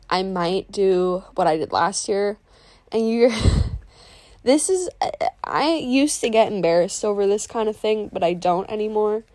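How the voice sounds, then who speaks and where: A woman's voice: medium pitch, darkish tone, no room sound. Sentimental woman in her twenties, chatty painting voiceover, rambling and self-interrupting, dry close sound. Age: 20s. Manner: openly emotional and sentimental. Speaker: art vlogger narrating a painting video. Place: voice-over recorded apart from the painting footage.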